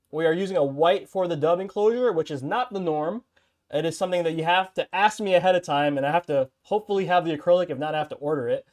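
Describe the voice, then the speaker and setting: A man's voice: a little high, darkish tone. A man streaming and showing off a custom fightstick build in a casual, upbeat, chatty way. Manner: upbeat and chatty, talks straight to viewers. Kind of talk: casual livestream showcase.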